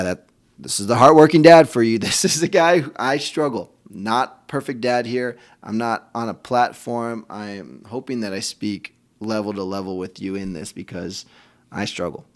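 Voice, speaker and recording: A man hosting a faith podcast for fathers, telling a personal story in a candid, self-deprecating, conversational way. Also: fairly low pitch. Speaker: podcast host.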